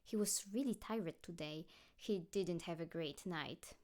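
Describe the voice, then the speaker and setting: Woman, fan fiction reading, expressive, lively. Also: lowish voice, measured pace.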